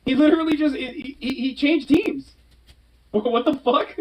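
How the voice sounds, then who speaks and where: A man's voice: extremely high pitch, a little slow, darkish tone, far from the mic, a little hiss or hum, poor audio. A man co-hosting a stream, reacting to a video in a teasing, slangy, incredulous way. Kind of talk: profane reaction chat.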